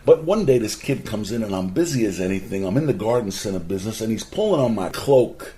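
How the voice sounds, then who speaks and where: Animated man telling a personal story. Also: lowish voice, fast talker. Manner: animated storyteller whose voice jumps up sharply when quoting people; earnest, preachy asides about life lessons. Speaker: former garden center owner telling a life story. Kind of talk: personal anecdote monologue.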